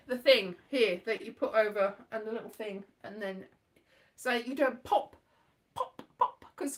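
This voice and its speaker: A woman's voice: fairly high pitch, fairly bright tone. A woman vlogger rambling casually to her viewers, giggly and self-mocking.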